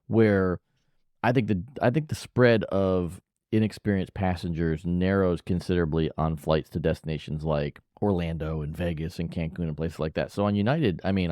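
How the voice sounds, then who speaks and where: Man, low voice, quick talker, wry, casual chat, dry sound. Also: dark tone, no room sound. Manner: wry, chuckling, thinks aloud with restarts. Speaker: podcast co-host.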